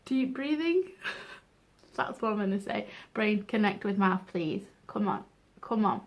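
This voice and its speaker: A woman's voice: medium pitch, unhurried. A young woman giving frank, chatty advice in a casual vlog, laughing at herself now and then. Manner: chatty, frank, self-deprecating. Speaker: vlogger.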